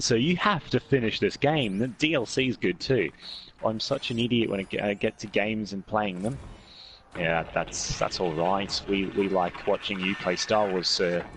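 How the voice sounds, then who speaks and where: A man's voice: on the low side, a bit bright, slight background noise. An Australian man co-hosting a game stream, chatting and reading out viewer comments with jokes. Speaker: stream co-host and chat moderator. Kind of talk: casual gaming stream chat.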